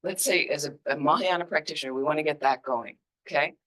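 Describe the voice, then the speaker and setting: Woman, low voice, Buddhist teacher, informal, emphatic. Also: fast. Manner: conversational, emphatic, lively asides.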